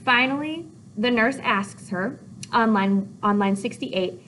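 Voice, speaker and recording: Casual woman teacher, highish, animated and conversational. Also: slow, a little hiss or hum, poor audio. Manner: chatty, animated, with many "like"s and "okay?"s. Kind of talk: casual video lesson.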